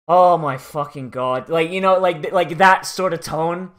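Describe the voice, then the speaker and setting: A man's voice: a little high, unhurried, fairly bright tone. Sweary, rambling man recapping anime. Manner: rambling, sweary, frequent restarts. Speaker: anime reaction host. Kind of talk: casual profane commentary.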